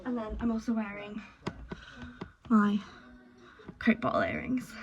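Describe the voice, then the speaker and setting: A woman's voice: medium pitch, little pitch movement, measured pace, background noise. A woman chatting casually in a vlog, rambling and candid with lots of ums. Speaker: crochet vlogger.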